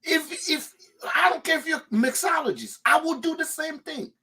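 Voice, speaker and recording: A man hosting a podcast in casual chat, animated and emphatic, swearing and repeating words when he gets worked up. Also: very high voice, normal speed. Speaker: podcast host.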